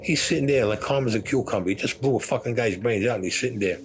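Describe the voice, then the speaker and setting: There's background noise behind this older man from Brooklyn, New York, whose mid-range voice moves at a quick pace. Narrating in the first person, he's profane and direct, voicing other people's words as he goes.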